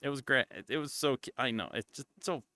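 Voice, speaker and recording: A man's voice: medium pitch, expressive, brisk, pushed and bright, no echo. A man streaming as a VTuber, chatting casually in a playful, teasing way.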